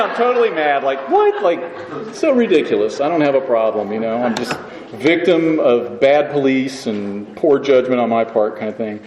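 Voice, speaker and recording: Man of middle pitch telling his recovery story, rambling and self-mocking, recorded live in a reverberant hall. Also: darkish tone. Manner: rambling and self-mocking, full of "you know what I mean". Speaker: AA meeting speaker. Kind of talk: personal recovery story told to a meeting. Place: meeting hall. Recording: echoey hall with background noise.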